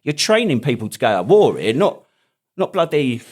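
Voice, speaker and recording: A man's voice: mid-range voice, big pitch swings, normal speed. Chatty man in his forties. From United Kingdom. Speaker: podcast host, army veteran. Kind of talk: casual chat.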